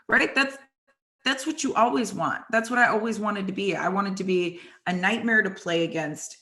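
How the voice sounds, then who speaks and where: A woman hosting and telling animated stories about her football days, acting out the lines people said. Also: lowish voice. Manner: animated, acts out quotes from the story. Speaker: host and former football player. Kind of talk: storytelling chat. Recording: echoey room.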